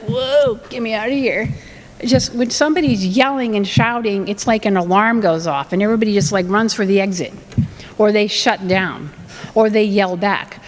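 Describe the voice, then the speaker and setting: This presentation on family communication features a woman of medium pitch who talks conversationally and plays out exchanges between parents and kids. The recording is low quality, with a long reverb tail.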